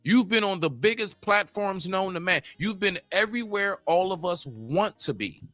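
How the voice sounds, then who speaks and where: A man's voice: high-pitched, animated, normal speed, bright, forceful tone, no echo, soft background music. A man hosting a stream, giving a profane, ranting reaction commentary to a clip and talking straight to his viewers.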